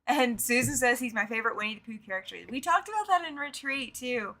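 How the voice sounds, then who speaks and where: A woman's voice: a little high, fast, bright, forceful tone. A woman hosting a live quilting show, chatting casually, reading out viewer comments and laughing easily, often trailing off and repeating herself. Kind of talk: casual live-stream chat.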